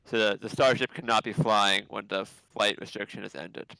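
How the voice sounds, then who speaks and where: A man on a live launch stream, announcing schedule updates in a clear, matter-of-fact way. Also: on the low side, steady tone, moderate pace, bright, forceful tone, dry recording, rough recording. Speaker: livestream host giving updates.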